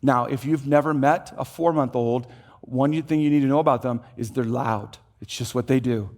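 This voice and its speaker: A male pastor giving a sermon in a church, telling a story in an animated way, moving from hushed to loud. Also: medium pitch, moderate pace. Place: church auditorium.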